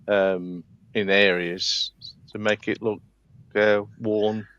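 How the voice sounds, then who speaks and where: A man's voice: fairly low pitch, little pitch movement, slow pace, fairly bright tone, lo-fi sound, a little hiss or hum. A man chatting casually on a live panel call, hesitant with many ums and restarts. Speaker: scale modeller on a live panel. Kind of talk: casual chat. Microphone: video call.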